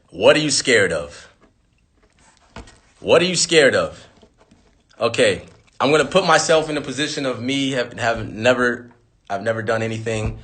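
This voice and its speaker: A man's voice: on the low side, a bit bright. A man hosting a live stream, giving blunt, profane advice in a casual monologue.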